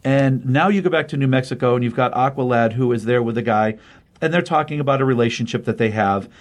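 A man's voice: mid-range voice, quick pace. A man hosting a casual talk show, recapping a comic book in a rambling way and correcting himself as he goes. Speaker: comic book podcast host. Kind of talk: casual spoken review.

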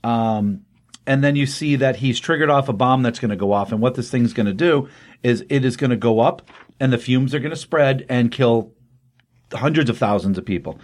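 A man with an average-pitched voice talks through a comic book plot in a loose, casual way. He rambles, restarts sentences and fills gaps with ums, slipping into the characters' lines as he goes. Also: moderate pace. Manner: rambling, many ums and restarts, acts out quotes lightly. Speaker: podcast host recapping a comic. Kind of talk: casual spoken recap.

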